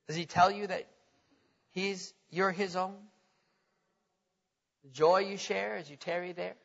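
A man preaching a sermon who reads scripture aloud and asks his listeners direct questions, swinging between soft questioning and loud, earnest declaring. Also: high-pitched, fairly even intonation, unhurried, gravelly. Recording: echoey hall, dull lo-fi sound.

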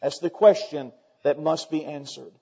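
A man preaching a sermon, emphatic and building to loud, repeated questions. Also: fairly high pitch, steady tone, normal speed, slightly rough. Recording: dull long hall reverb.

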